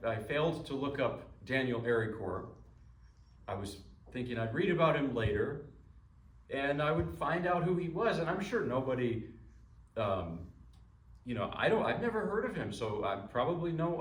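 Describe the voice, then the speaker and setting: A man talking to his audience before he plays a piano piece. He talks chattily and with jokes, restarting his sentences often. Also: medium pitch. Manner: chatty, rambling, jokey, many restarts. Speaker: pianist introducing a piece. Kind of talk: informal recital talk. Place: recital room. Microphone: distant mic. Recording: echoey room from far off.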